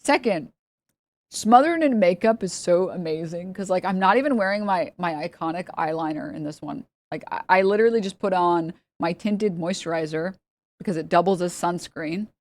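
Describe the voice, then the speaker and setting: A woman's voice: on the low side, moderate pace, no echo. A woman streamer talking casually and rambling, with lots of fillers and frequent laughs. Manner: chatty and rambling, filler-heavy, laughs often. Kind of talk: casual live-stream chat.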